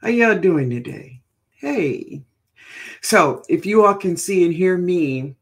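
A woman's voice: on the low side, animated, slow pace, breathy edge. A woman hosting a gardening live stream, chatting casually and greeting viewers by name.

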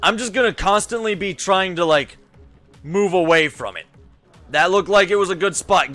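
A man's voice: high voice, normal speed, bright, forceful tone, soft background music. A young man giving frustrated let's play commentary, swearing a lot and muttering to himself as he plays. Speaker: gaming YouTuber.

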